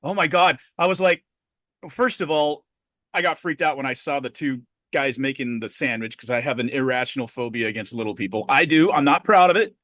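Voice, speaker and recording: A middle-aged man co-hosting a podcast, telling a story in a profane, animated way. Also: medium pitch, fairly quick, dry recording, studio quality. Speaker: podcast co-host. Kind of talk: casual podcast chat.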